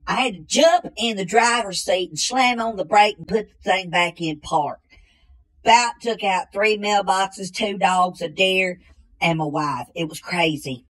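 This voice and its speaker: A slow-witted, bumbling country man, played by a woman in a comedy sketch. He talks at an even middle pitch and drawls his way through long rambling stories, leaning again and again on the same folksy catchphrase. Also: lightly acted, rough recording. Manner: drawling, repeats "ain't no way".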